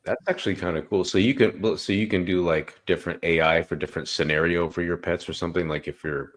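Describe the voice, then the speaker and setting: A man's voice: low voice, steady tone, fast talker. A man asking questions in a casual way, leaning on "like" a lot. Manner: casual, heavy use of "like". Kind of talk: casual chat.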